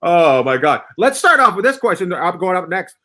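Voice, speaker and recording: A man's voice: high voice, sing-song, moderate pace, bright, forceful tone. A man hosting an online comedy panel show over a video call, laughing often and hyping up his guests. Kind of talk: playful game-show hosting.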